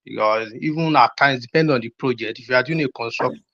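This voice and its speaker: A man's voice: medium pitch, fast, fairly bright tone, no room sound. A man student answering in an online class over a video call, repeating words as he thinks. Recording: dry, dull lo-fi call audio.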